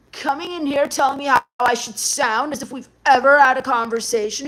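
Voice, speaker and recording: A woman hosting a live stream, reading her chat aloud and answering it with dry sarcasm. Her voice sits high and light. She mocks and snaps back at the messages. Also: normal speed, fairly bright tone. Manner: sarcastic, mocking.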